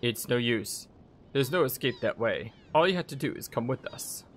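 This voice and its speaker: Man doing a gruff, commanding soldier captain. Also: medium pitch, lively intonation, moderate pace, a bit bright, slight background noise, lightly acted. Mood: stern. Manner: stern, commanding, threatening. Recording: music playing behind voice.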